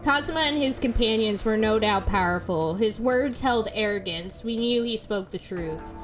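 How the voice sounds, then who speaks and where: A woman's voice: a little high, lively intonation, moderate pace, soft background music. A woman playfully reading a visual novel aloud as a let's play host, often breaking into giggles. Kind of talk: narrating a visual novel, casual chat.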